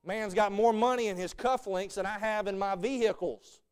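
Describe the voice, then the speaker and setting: A male preacher delivers a folksy sermon full of stories. His voice is smooth and resonant and sits fairly high. He builds from easy storytelling to shouted fervor. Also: normal speed.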